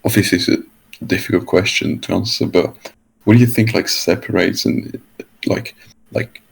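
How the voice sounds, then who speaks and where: A man asks his coach questions in halting casual talk with many fillers. His voice is very low and heavily gravelly with fry. It also has a husky edge. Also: fairly even intonation, rough recording. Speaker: player being coached.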